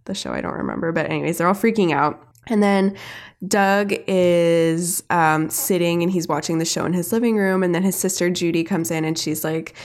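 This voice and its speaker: A woman's voice: lowish voice, normal speed. A young woman chatting casually, retelling a cartoon episode with constant "like" fillers. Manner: heavy use of "like" fillers, chatty and animated.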